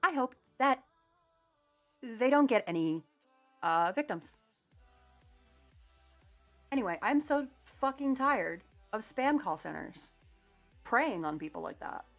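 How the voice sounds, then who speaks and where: A young adult woman livestreamer casually telling a story to her chat, animated and sarcastic, with some swearing. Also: fairly high pitch, takes it slowly, long pauses, faint music behind.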